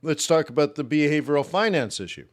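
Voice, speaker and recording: A man's voice: on the high side, animated, quick pace. A man hosting a live trading webinar, loosely musing on jobs data and answering viewers' questions in a joking way. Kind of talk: live market commentary to chat.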